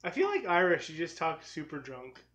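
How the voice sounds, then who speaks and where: A man's voice: a little high, huge pitch swings, moderate pace, fairly bright tone, lo-fi sound, slight background noise. A young man appearing as a recurring guest on a live stream, laid-back and tossing in dry quips. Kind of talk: casual live-stream chat.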